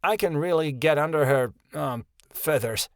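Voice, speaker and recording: A man voicing a bold young princess who talks briskly and confidently. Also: a little high, no room sound, clean studio sound, natural voice.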